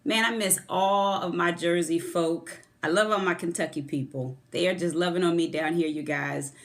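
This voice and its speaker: A middle-aged former therapist hosts a motivational livestream from her phone camera, warmly greeting viewers by name before getting to her topic. Her voice is fairly low, with fairly even intonation and a moderate pace.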